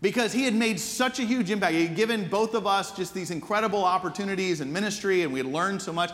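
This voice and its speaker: A man's voice: sits high, quick pace, fairly bright tone, in a large hall. A man preaching a sermon as pastor, telling stories in an earnest, conversational way. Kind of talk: storytelling sermon.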